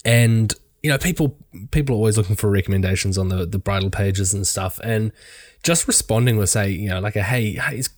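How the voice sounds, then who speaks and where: Young male photographer, sore throat, low voice, dry close sound, rambling. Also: a little fast, a little mellow, no echo. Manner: rambling, hedging, many fillers. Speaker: wedding photographer. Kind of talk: casual podcast chat.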